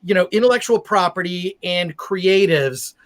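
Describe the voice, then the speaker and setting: A man's voice: high voice, moderate pace. A man hosting a podcast, chatting in a rambling way full of fillers. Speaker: podcast host. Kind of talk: casual podcast chat.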